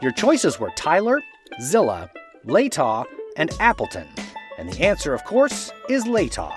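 A man from Washington state hosting a podcast, reading a script playfully and spelling out place names slowly to correct how they are said. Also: on the high side, wildly swooping pitch, music in the background. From Washington state, USA. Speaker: podcast host.

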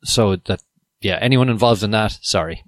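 A man's voice: on the low side, moderate pace, no echo, studio quality. A man co-hosting a podcast, chatting casually and acting out lines with lots of laughter. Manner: animated, laughs a lot, acts out quotes. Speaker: podcast co-host. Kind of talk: casual chat on a video call.

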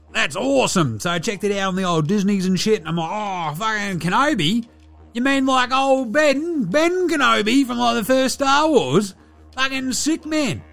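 A man's voice: high-pitched, gravelly, voice pushed up, heavily acted. A man voicing a crude, laid-back Australian basketballer with a broad Australian accent, swearing and full of slang. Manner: swears constantly, slangy and excitable.

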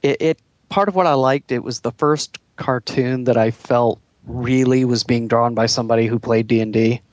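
A man's voice: medium pitch, fairly even intonation, moderate pace, darkish tone, no room sound. A man co-hosting a podcast, chatting casually about old gaming comics and laughing along. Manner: chatty, amused, trails off and restarts. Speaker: podcast co-host. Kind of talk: casual chat.

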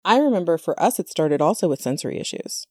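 A woman's voice: fairly low pitch, lively intonation, quick pace, darkish tone, no room sound, clean studio sound. A woman hosting a casual conversation, chatty, with many fillers and asides.

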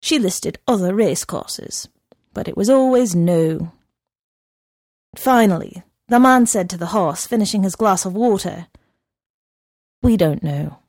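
A woman narrating a story in a measured reading voice. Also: mid-range voice, darkish tone, no echo, clean studio sound. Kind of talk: audiobook reading.

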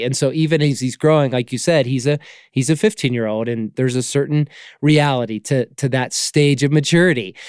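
A man's voice: medium pitch, a little mellow, clean tone, dry recording, studio quality. A man hosting a faith conversation, answering his guest in a thoughtful and affirming way. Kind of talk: reflective conversational response.

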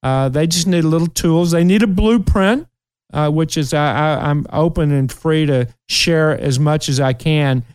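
A man's voice: a little high, moderate pace, darkish tone, smooth, no room sound, studio quality. A middle-aged man with a Kentucky accent, hosting a talk show and telling emotional stories with many fillers. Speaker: show host. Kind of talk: casual radio talk show chat.

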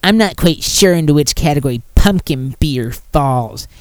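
A man voicing a whiny, sniffy male online commenter in a high, drawn-out voice. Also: animated, no echo, natural voice.

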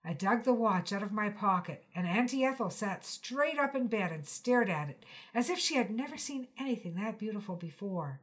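A woman reading a short story aloud in a measured first-person narration. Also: medium pitch, animated. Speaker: reader.

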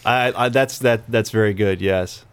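A man chatting as a guest in a casual interview, excitable and playfully teasing, recorded dry on a handheld recorder mic. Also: on the low side, measured pace, clean tone. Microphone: handheld recorder mic, remote call.

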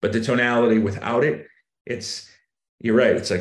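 A man in casual podcast chat, telling sales stories and acting out his phone pitches with shifting tone. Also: moderate pace. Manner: animated, acts out sales calls with shifting tone. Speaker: real estate agent, guest. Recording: roomy echo.

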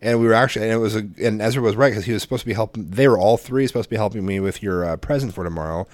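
A man's voice: on the low side, very fast, dry recording. Frustrated rambling middle-aged man. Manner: rambling, profane, frustrated storytelling. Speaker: parent in a couple's chat. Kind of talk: casual conversation.

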